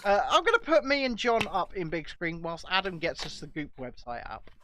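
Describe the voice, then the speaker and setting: A man hosting a casual podcast chat, animated and prone to stumbling restarts. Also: sits high, a little fast, a little hiss or hum. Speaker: host.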